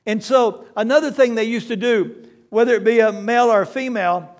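Pastor guy preaching, highish voice, chatty then punchy on the big lines. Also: brisk. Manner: conversational preaching, rising to emphatic quoted lines. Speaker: lead pastor. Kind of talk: sermon.

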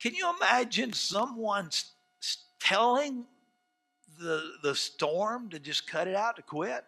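A man preaching a sermon as pastor, swinging from soft asides to shouted outbursts and acting out quoted dialogue. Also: high-pitched, expressive, slow pace, creaky. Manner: acts out quoted dialogue in scenes.

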